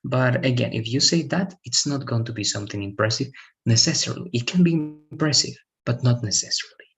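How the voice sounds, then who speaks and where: A man's voice: medium pitch, lively intonation, brisk, gravelly, low-quality recording. A man teaching an English grammar lesson one-on-one online. He explains patiently, repeats himself, and keeps checking understanding with "all right?".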